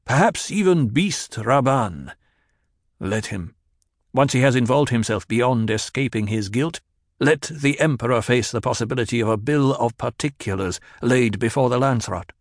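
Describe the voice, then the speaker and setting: A man reading an audiobook voices a young male duke heir, commanding and imperious, in a raised, forceful tone. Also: medium pitch, expressive, normal speed, no room sound, studio quality, close to an everyday voice.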